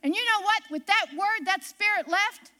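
A woman's voice: extremely high pitch, normal speed, pushed and bright. A woman pastor preaching a sermon from the pulpit, telling stories with emphasis and repeating key phrases.

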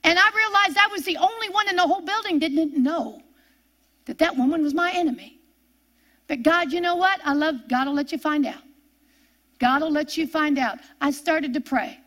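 A woman's voice: sits high, moderate pace, sharp tone. An older woman preaching a fervent sermon, repeating her refrains and telling stories from her own life.

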